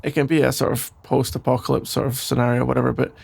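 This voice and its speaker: Brief: gravelly, husky rambling boyfriend, played by a man, soft sleepy whispered role-play. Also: mid-range voice, flat delivery, quick pace. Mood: teasing. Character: caring, rambling boyfriend putting partner to bed. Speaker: ASMR role-play creator.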